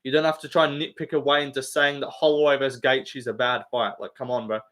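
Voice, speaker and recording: A man's voice: mid-range voice, steady tone, fast talker, a bit bright. A young Australian man hosting a live stream, chatting casually and rambling with lots of fillers, swearing and laughs. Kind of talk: casual chat reading live comments.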